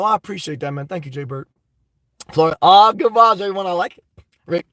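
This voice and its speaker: A man hosting a live stream, reading viewer chat and ranting excitedly with lots of cursing and rambling fillers. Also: high-pitched, a little fast, no room sound, low-quality recording.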